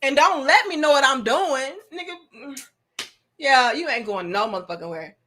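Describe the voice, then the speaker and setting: Woman streamer, bright and punchy, brash and profane, slightly high voice. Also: normal speed, slight background noise. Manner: blunt, profane, animated storytelling. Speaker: livestream host reading chat. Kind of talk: casual livestream chat.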